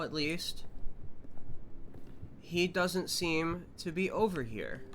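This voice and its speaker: A man's voice: mid-range voice, bright, forceful tone, a little hiss or hum. A man streaming a horror game live, flustered and jumpy, out of breath and swearing when startled.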